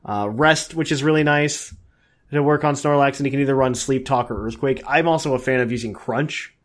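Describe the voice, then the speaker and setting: A man co-hosting a casual podcast, who rambles eagerly and fills his speech with ums and uhs. His voice sits in an ordinary middle pitch. He keeps a loose, chatty flow. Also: a little fast. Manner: enthusiastic, rambling with many fillers. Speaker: podcast co-host. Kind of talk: casual chat.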